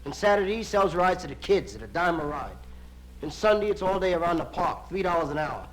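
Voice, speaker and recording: A man voicing a weary talking work horse in a joke, with a low, confiding grumble. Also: expressive, brisk, low-quality recording. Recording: hissy vinyl record of a live show.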